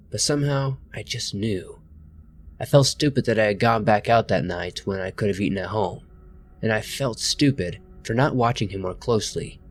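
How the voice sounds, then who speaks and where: A man with a somewhat low voice reads first-person horror stories as scripted narration. He keeps a steady, even reading pace throughout.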